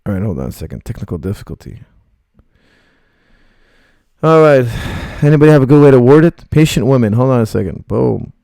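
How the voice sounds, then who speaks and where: Middle-aged coach guy, gravelly and dark, blunt rambling livestream q&a. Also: mid-range voice, big pitch swings, brisk, pauses often, no room sound, clean studio sound. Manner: blunt, rambling, reads out viewer questions. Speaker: martial arts coach. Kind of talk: live Q&A stream.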